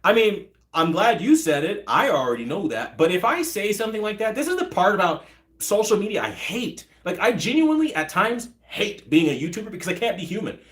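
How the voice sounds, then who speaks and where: A man in his thirties hosts his own live stream and talks straight to the viewers. He rants bluntly and swears freely, and his voice sits a touch high and swings up and down. He reads out comments as they come in and answers them. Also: brisk. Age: 30s. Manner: blunt, profane, ranting, animated. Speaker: channel host answering live chat. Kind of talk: casual livestream chat.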